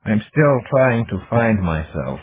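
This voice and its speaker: A man voicing a slow, wondering computer intelligence. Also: fairly low pitch, very animated, voice pushed up. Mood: musing. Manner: slow, wondering, childlike questions. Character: young curious male computer intelligence. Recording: tinny lo-fi audiobook recording.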